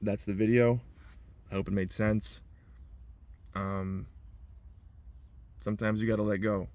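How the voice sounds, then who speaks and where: Young adult man, lowish voice, vlogging from his car; rambling, emotional, on the verge of tears. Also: level tone, measured pace, a little mellow, no room sound. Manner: rambling, restarts and repeats himself. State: emotional, holding back tears. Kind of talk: personal vlog monologue.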